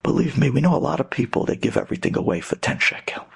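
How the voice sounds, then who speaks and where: A man's voice: medium pitch, fast, gravelly, breathy edge. A man telling an inspirational story dramatically, with sighs and asides to his listeners. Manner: dramatic, animated, sighing.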